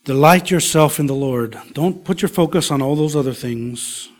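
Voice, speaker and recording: A man preaching a sermon in a slow, emphatic way, dropping at times to a soft whisper. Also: on the high side. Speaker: pastor.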